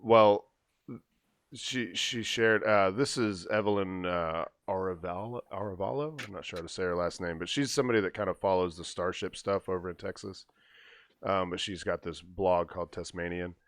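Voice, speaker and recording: A man hosting a podcast, explaining tech news to his co-hosts in a relaxed, casual way. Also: sits low, moderate pace, no room sound, clean studio sound. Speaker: podcast host. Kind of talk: casual chat.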